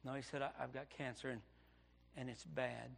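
Gravelly preaching man with drawl. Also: medium pitch, steady tone, moderate pace. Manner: preaching with sudden loud outbursts and hushed storytelling. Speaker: pastor. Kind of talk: sermon testimony.

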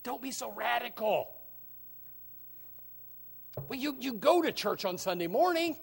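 A male pastor preaching with passion, swinging from low murmurs to near shouts. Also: sing-song, unhurried, gravelly, slightly rough. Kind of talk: sermon.

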